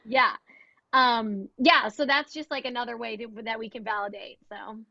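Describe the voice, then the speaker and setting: A woman's voice: a little high, fairly even intonation, moderate pace, gravelly, sharp tone, dry recording. A young adult woman, a guest music therapist, explaining her methods in a casual interview, full of "like" and "um". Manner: explanatory, fillers like "like" and "um". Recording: dry, dull lo-fi sound.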